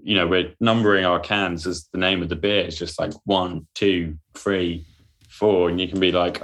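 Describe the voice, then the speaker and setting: A man's voice: low-pitched, steady tone, unhurried, a bit bright. A man, a guest brewer talking casually and laughing along. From London. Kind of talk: casual chat.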